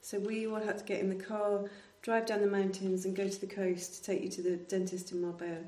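A woman speaks in an animated, emotional way as she tells an anecdote. Her voice sits at a middle pitch. She is set back from the mic in a roomy, echoing space. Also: a little fast. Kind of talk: casual conversational storytelling. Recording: roomy echo, distant from mic.

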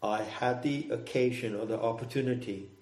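An older man speaks in a measured, deliberate way as he tells a reflective personal story. His voice sits at an ordinary middle pitch. The room is roomy and echoey around him. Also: darkish tone. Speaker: guest, spiritual practitioner. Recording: roomy echo.

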